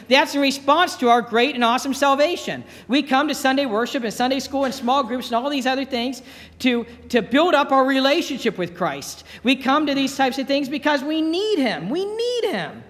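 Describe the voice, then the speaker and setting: Male pastor, high voice, earnest sermon delivery, echoes his key lines, long church reverb. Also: fairly bright tone. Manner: earnest, repeats key phrases for emphasis.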